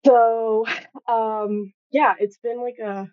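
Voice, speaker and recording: A woman's voice: on the high side, fairly even intonation, slow pace, no room sound, narrow, tinny audio. A woman calling in to a podcast, speaking hesitantly with many fillers. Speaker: caller. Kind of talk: phone-in call.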